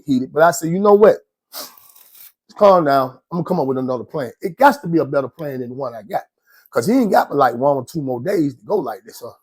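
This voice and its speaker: Rambling and slangy, a man recounts his own story in a relaxed way, constantly checking in with "you know what I'm saying." His voice sits a little high and carries a breathy edge.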